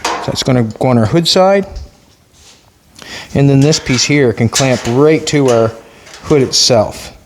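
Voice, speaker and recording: A man's voice: mid-range voice, measured pace, slight background noise. A middle-aged man hosting a casual workshop vlog, chatty and talking to himself as he works. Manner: chatty, talks to himself while working. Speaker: host and car builder.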